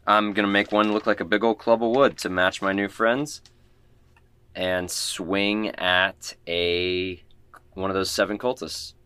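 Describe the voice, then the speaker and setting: A man's voice: deep voice, steady tone, measured pace, bright, forceful tone, clear, resonant tone, no room sound. A man playing a tabletop game, easygoing and thinking aloud. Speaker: player.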